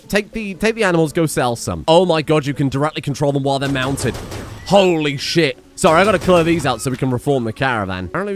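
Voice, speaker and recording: A man hosting a let's play, narrating as he goes with excitable, jokey asides and frequent swearing, his voice strained from shouting. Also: medium pitch. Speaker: gaming channel host.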